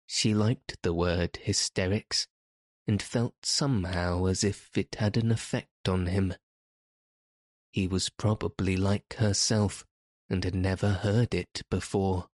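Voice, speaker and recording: Male audiobook narrator, very low voice, dry close studio sound. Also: fairly even intonation, slow pace, no room sound. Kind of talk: scripted narration.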